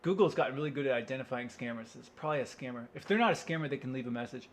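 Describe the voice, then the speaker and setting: A man talking loosely to the camera in an unscripted, meandering monologue. He breaks off mid-sentence and restarts, with a wry, offhand tone. His pitch sits in a middle range. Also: very fast, slight background noise. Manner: rambling, self-interrupting, wry, swears and laughs. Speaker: vlogger. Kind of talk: casual rambling monologue.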